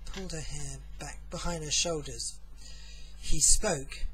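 Slow-reading man narrating his novel. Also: fairly high pitch, fairly bright tone, a little hiss or hum, poor audio. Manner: halting reading with asides and restarts. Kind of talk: amateur reading of a fantasy novel.

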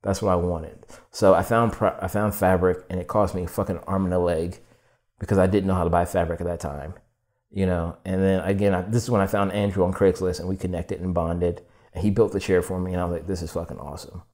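A low-voiced young man talks through his story on a podcast, loose and animated. He swears freely and acts out what people said to him, filling his talk with "like" and "you know". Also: quick pace. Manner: animated, swearing, acting out quotes with many "like"s. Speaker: podcast guest, furniture designer. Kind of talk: casual storytelling interview.

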